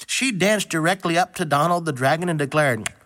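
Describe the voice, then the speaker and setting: A man's voice: a little high, fairly quick, sharp tone, a little hiss or hum. A man reading a children's story aloud with a playful, tongue-twisting delivery.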